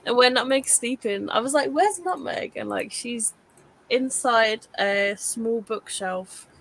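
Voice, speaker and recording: A woman's voice: fairly high pitch, fairly even intonation, slow, a bit bright, rough recording. A young woman hosting a casual livestream chat, chatty and laughing often between yawns. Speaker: host of a reading sprint livestream.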